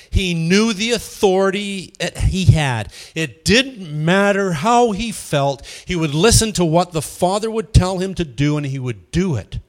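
A man giving an informal teaching sermon, asking the room questions and chuckling often. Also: fairly high pitch. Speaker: pastor leading a Bible study.

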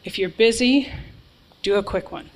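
A woman's voice: fairly high pitch, moderate pace, a little mellow, rough recording. A woman preaching a sermon to a congregation, earnest and emphatic, with informal asides. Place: church hall with a live congregation.

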